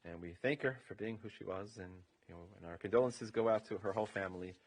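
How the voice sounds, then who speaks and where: A man's voice: fairly low pitch, fast talker, husky. A man serving as rabbi, giving an informal, meandering funeral eulogy in a funeral home chapel, leaning heavily on "you know".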